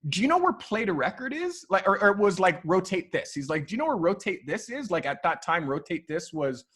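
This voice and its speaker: Male guest, slightly high-pitched, animated casual storyteller who swears freely. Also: a little fast, breathy edge. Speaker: photographer guest. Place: podcast studio.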